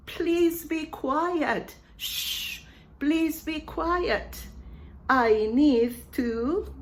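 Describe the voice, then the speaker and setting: Very slow-speaking woman English teacher. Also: medium pitch, darkish tone. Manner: slow, deliberate, repeats phrases for learners. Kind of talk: online English lesson.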